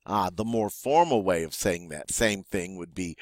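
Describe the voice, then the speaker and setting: A man's voice: low voice, lively intonation, normal speed, few pauses, darkish tone, dry recording, studio quality. A man teaching a vocabulary lesson, saying each word twice and then giving its meaning. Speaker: French teacher.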